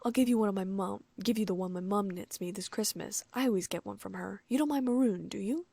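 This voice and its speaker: A woman's voice: mid-range voice, fast talker, gravelly, mellow, breathy edge, dry recording. A woman reading an audiobook, voicing an easygoing, friendly teenage boy.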